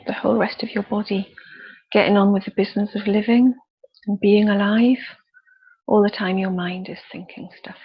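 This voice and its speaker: A woman leading a guided body scan meditation with slow, soft, calm instructions and pauses. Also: mid-range voice, breathy edge, lo-fi sound. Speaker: youth worker leading a relaxation exercise.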